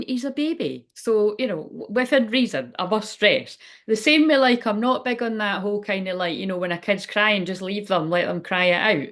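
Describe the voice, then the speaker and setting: A woman's voice: mid-range voice, animated, moderate pace, few pauses, fairly bright tone. A middle-aged woman giving a casual tarot reading, rambling and frank, swearing freely. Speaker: tarot reader. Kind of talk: casual spiritual reading chat.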